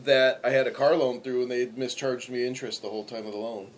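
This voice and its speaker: A man's voice: mid-range voice, fairly even intonation, fast. A man co-hosting a podcast, telling funny stories casually and swearing. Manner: laughing storyteller, swearing. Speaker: podcast co-host. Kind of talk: casual chat.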